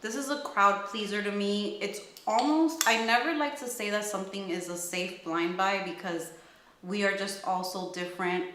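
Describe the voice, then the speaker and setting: A woman's voice: mid-range voice, fairly bright tone. A woman casually reviewing perfumes, enthusiastic and gushing, thinking aloud as she describes each scent. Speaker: fragrance reviewer. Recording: echoey room.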